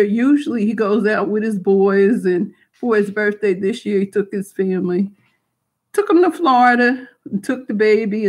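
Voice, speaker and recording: A woman's voice: mid-range voice, darkish tone, breathy edge. A middle-aged woman telling a personal story to a group, frank and emotional, rambling with many restarts and asides.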